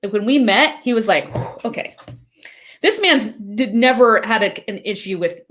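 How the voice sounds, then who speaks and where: A woman hosting a live faith devotional stream with her husband, talking in an animated way and laughing often. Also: mid-range voice, moderate pace, a little hiss or hum. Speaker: host. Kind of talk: casual devotional chat. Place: live video stream at home.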